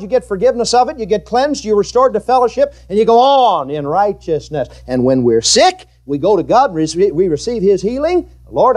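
A man's voice: high voice, a little mellow. A man preaching a sermon, leading the congregation in call-and-response and repeating his phrases. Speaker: pastor.

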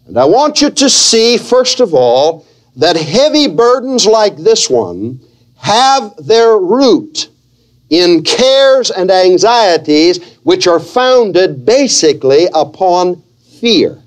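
Slow, earnest high-voiced male preacher. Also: very animated. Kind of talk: sermon.

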